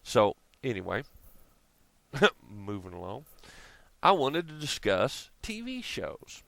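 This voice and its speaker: A man's voice: lowish voice, wildly swooping pitch, slow, gravelly, fairly bright tone, no echo. A man ranting casually in a vlog, profane and rambling, laughing at his own jokes. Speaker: vlogger.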